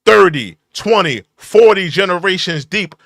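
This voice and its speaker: A man's voice: high voice, animated, a little slow, gravelly, fairly bright tone, no room sound, clean studio sound. A man in his thirties hosting a political commentary show, reacting to clips with exasperated rants, repeating himself and using mocking slang. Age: 30s.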